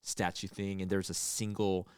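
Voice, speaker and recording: A young man co-hosting a comedy podcast, telling stories in a casual chat and acting out loud outbursts. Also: sits low, moderate pace, clear, resonant tone, no room sound, studio quality. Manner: animated storyteller, acts out loud outbursts. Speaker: podcast co-host.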